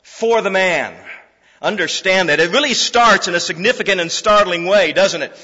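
A man with a high voice gives an earnest expository sermon, circling back over his points and restarting sentences as he goes. The recording is dull and muffled, with a long hall reverb trailing behind him. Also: normal speed, pushed and bright. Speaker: pastor.

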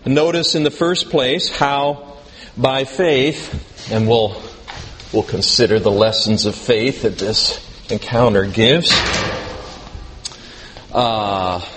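A man's voice: medium pitch, slow, long pauses, a bit bright. Man preaching, conversational sermon, asks the congregation questions, dry humor, long hall reverb, faint hiss. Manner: dry self-deprecating humor. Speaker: pastor.

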